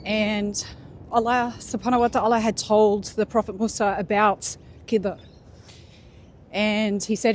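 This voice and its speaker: A woman's voice: mid-range voice, flat delivery, a little slow, slight background noise. A woman casually retelling a religious story in a loose, chatty way, full of fillers and restarts.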